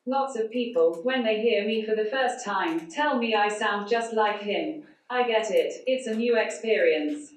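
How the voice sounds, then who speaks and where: In a large conference hall, a woman presents a prepared talk read out by a speech synthesizer, so the voice is flat, synthetic and computerized with no intonation. It is mid-range and unhurried, sounding distant amid the hall's echo.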